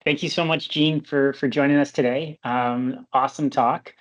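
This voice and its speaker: A man moderating an online event, thanking the speaker and handing over in a friendly, quick way. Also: mid-range voice, steady tone, highs cut off. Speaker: event host.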